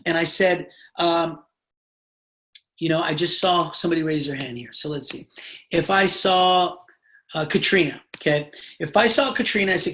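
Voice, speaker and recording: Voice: mid-range voice, normal speed, a bit bright. A sales team trainer leading a live online training call, speaking emphatically and checking in with listeners often. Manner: emphatic, repeatedly checks in with the audience. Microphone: video call. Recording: roomy video-call audio.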